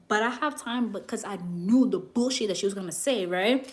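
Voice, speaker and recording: A young woman who works as a psychic reader, telling a story to her viewers in a brash, animated way and swearing freely. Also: mid-range voice, brisk.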